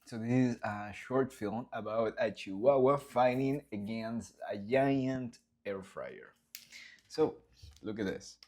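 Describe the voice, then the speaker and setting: A medium-pitched, slow-speaking animator explains his storyboards in a casual behind-the-scenes vlog. He comes across lively and enthusiastic, bringing scenes to life with sound effects and swearing.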